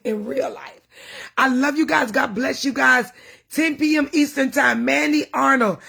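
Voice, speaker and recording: A woman's voice: high voice, gravelly, a bit bright, breathy edge. A woman minister talking casually to her followers, passionate and preachy, emotional at times. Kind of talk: casual livestream talk.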